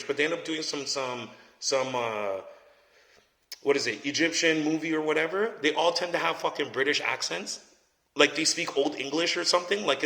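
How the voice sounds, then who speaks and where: Gravelly, bright-voiced man ranting. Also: a little high. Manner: blunt, profane, keeps asking "you know what I mean?". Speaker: commentator. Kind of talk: casual opinion rant. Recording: echoey space with long reverb.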